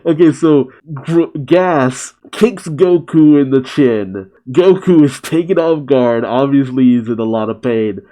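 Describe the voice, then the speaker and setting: Slow, mellow-voiced man recapping a comic. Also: medium pitch. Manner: laughs often, casual and amused. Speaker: comic reaction host. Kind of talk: recapping a comic chapter with reactions.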